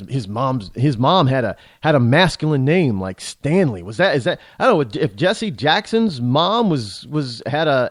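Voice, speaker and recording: Lively-pitched indignant talk radio man. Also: no echo. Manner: rambling, restarts often, indignant rhetorical questions. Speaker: radio talk show host. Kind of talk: political talk radio monologue.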